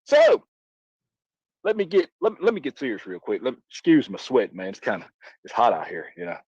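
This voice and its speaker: A man's voice: mid-range voice, wildly swooping pitch, brisk, darkish tone, breathy edge, no echo. A man putting on a boastful, rowdy backwoods moonshiner character, talking in a brash, rambling, hollering way for a comedy sketch. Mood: boisterous. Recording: dull lo-fi dry sound.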